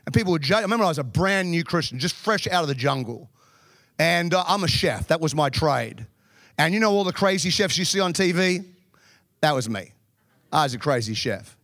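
High-voiced male preacher telling stories. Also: animated, fairly quick, fairly bright tone, no room sound, clean studio sound. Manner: humorous storytelling, addresses the congregation. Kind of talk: sermon.

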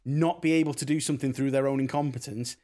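A man's voice: mid-range voice, fairly even intonation, quick pace, crowd noise. A man co-hosting a casual film podcast, blunt and emphatic with his opinions. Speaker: podcast co-host. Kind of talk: casual film review chat.

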